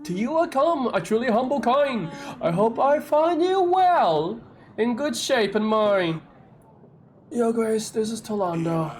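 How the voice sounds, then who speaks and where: A game streamer voicing a flamboyant, self-important male poet, reading game dialogue in a grandiose, drawn-out theatrical style. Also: medium pitch, lively intonation, a little mellow, voice pushed up, lightly acted.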